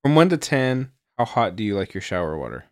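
A man's voice: lowish voice, big pitch swings, a little fast, no room sound, studio quality. A young man hosting a podcast, firing off casual questions in a laid-back, swearing, mumbly way. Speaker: podcast host. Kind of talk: casual chat, quick-fire questions.

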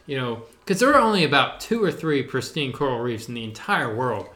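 A man's voice: mid-range voice, very animated, fairly quick, pushed and bright. A young adult man chatting casually on a podcast, laid-back and enthusiastic, with a lot of "dude". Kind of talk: casual chat. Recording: roomy echo.

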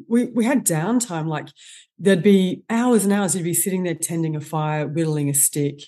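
A woman, a guest expert on stress, explaining with animated enthusiasm in a podcast interview. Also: lowish voice. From Australia.

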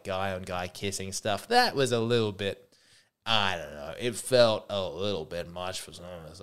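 A man's voice: medium pitch, clean tone. A man hosting a comedy podcast, speaking in a mock-earnest, rambling way with frequent restarts. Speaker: podcast host.

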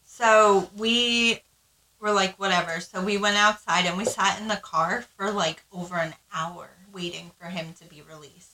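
A woman's voice: mid-range voice, steady tone, normal speed, noisy background. Woman, podcast co-host, casual storytelling, frank, cursing, roomy echo. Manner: frank, swears freely, acts out quoted lines.

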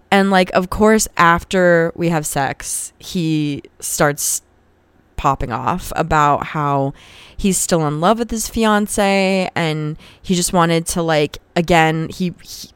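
A young woman hosting her own podcast, talking casually and bluntly with plenty of swearing. Her voice sits fairly low and sounds smooth and clear. The recording is dry and close, with no room sound behind her. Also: dry recording. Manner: frank and profane, heated when retelling arguments. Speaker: podcast host. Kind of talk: casual confessional storytelling.

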